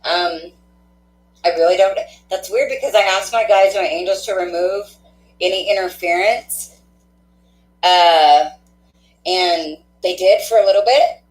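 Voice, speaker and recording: A woman hosting a spiritual card-reading livestream, chatting warmly and laughing often, with a stuffy nose. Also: on the low side, measured pace, pauses often. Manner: affectionate, chatty, laughs often, many fillers. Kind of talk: casual livestream sign-off chat. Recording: echoey room.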